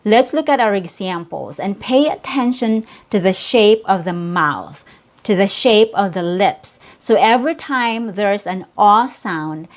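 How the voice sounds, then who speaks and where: A woman leads a pronunciation lesson at an unhurried pace. She demonstrates each vowel clearly and repeats every example word. Her voice sits at a middle pitch. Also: expressive. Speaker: pronunciation teacher. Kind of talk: slow, careful pronunciation lesson.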